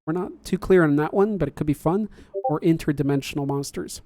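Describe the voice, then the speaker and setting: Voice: mid-range voice, fairly quick, mellow, dry recording. A podcast host chatting casually on a livestream, reading viewer comments aloud, laughing often and joking about their own slips.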